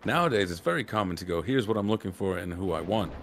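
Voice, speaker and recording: A man with a deep, low voice chats casually over a game, his accent drifting between British and American. He rambles, trailing off and restarting with plenty of "um" and "like." A faint hiss sits under the recording. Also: lively intonation, fast, a bit bright. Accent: shifting mix of British and American. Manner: rambling, with many fillers and restarts. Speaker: co-host and voice actor. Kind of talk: casual gaming chat.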